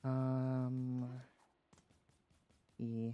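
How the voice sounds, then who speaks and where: A man's voice: mid-range voice, monotone, extremely slow, clean tone, muffled recording. A man from the Appalachian United States chatting casually while streaming a game, rambling and hesitant, with lots of fillers and small laughs.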